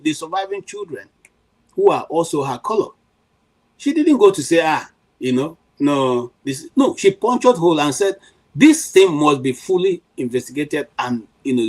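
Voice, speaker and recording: A man's voice: a little high, low-quality recording. A middle-aged Nigerian man giving impassioned political commentary on a panel, emphatic, with frequent restarts and "you know" fillers.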